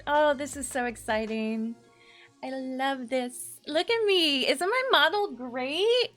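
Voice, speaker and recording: Her voice is high and a little bright: a woman streaming live as a VTuber, greeting people by name, giggling, and chatting nervously and casually. Faint background music plays underneath.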